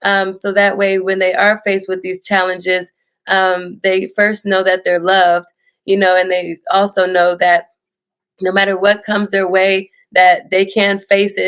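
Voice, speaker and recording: A woman's voice: medium pitch, a bit bright. Earnest woman tennis coach with a Houston accent. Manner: earnest, fillers like "you know" and "um". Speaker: high school tennis coach. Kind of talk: interview answers.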